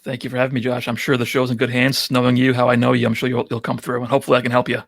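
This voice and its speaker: A man with a thick New York accent, a business owner talking openly and warmly as a podcast guest. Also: mid-range voice, completely flat delivery, racing, vocal fry, dry recording, clean studio sound. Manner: friendly, open and reflective. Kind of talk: casual interview chat.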